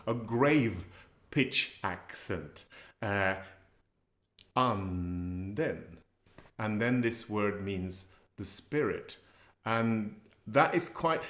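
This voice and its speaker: A man teaching a live class, patient and laughing often as he says words slowly for learners to repeat. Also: fairly low pitch, a bit bright, reverberant. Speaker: Swedish language teacher. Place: presentation room with slides.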